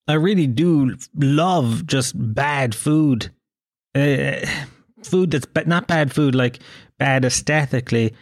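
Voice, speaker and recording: A man in his thirties with an Irish accent, a comedian telling a story in casual chat, animated and swearing freely. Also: mid-range voice, no echo, clean studio sound. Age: 30s. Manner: animated, swearing, acts out quoted voices.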